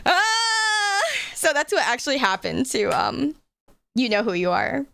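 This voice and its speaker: A woman's voice: high voice, lively intonation, measured pace, creaky, sharp tone, clean tone, no room sound. A young woman streaming live, chatting casually and apologetically to her viewers in a rambling way, often breaking into laughs and dramatic yelps. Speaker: VTuber streamer.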